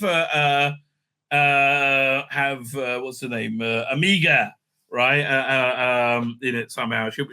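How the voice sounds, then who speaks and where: Bright-voiced man rambling through a recap. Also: medium pitch. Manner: rambling, many "uh, uh" fillers, crude jokes. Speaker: show recapper and reviewer. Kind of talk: casual spoken episode recap.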